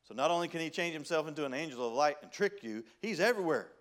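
A man preaching a sermon as pastor, with a Southern country accent, reading scripture in old-style wording and swinging between loud emphasis and hushed pleading. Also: fairly high pitch, animated, fast talker. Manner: folksy preaching, reads King James scripture.

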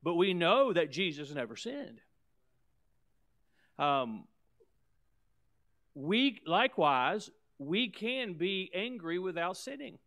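A man preaching a sermon to his church, fervent, swelling loud on key points and dropping into quick asides. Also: high voice, big pitch swings. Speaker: pastor.

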